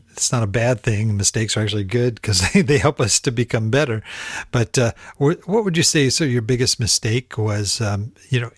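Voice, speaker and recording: A man's voice: mid-range voice, no echo. Male interview host, plain dry recording, friendly and encouraging. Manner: relaxed, encouraging questioner. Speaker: podcast host. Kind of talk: casual podcast interview.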